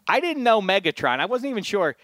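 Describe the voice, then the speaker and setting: A man hosting a sports podcast, chatting casually with jokey, animated banter. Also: high voice, fast talker, no room sound. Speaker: podcast host.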